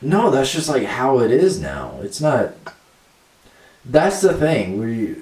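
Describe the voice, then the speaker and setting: A man's voice: medium pitch, big pitch swings, takes it slowly, darkish tone, far from the mic. A young man co-hosting a podcast in casual chat, rambling with lots of fillers and laughing easily. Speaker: podcast co-host. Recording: roomy sound from off mic.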